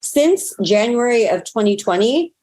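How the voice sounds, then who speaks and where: A woman's voice: a little high, sing-song, a little slow, warm tone, slight background noise. A woman guest in an interview, telling a personal story in an earnest, talkative way. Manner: earnest, talkative, acts out past moments in quotes.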